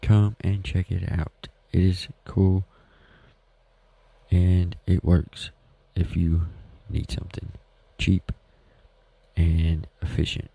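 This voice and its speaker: A man's voice: low voice, level tone, slow pace, vocal fry, warm tone, husky, no room sound, rough recording. A man with a Southern US accent hosting a podcast, talking in a rambling, folksy, self-deprecating way. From Southern United States. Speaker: podcast host. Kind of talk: casual solo podcast talk. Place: home.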